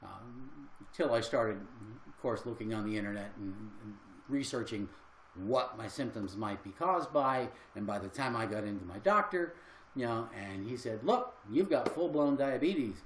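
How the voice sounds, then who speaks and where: A man's voice: mid-range voice, echoey room, a little hiss or hum, rough recording. An older man and health coach talking casually on a livestream, earnest and rambling with fillers.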